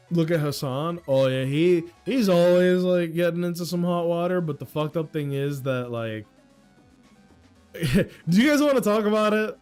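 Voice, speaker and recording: A young man from New York ranting casually on a livestream in a slangy, animated way. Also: a little high, clean tone. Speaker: streamer.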